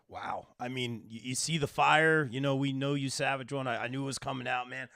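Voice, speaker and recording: A man's voice: medium pitch, moderate pace, vocal fry, no echo, studio quality. A man hosting a live podcast interview, hyping his guests and reading out chat comments. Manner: excited, hypes guests, reads chat. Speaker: podcast host.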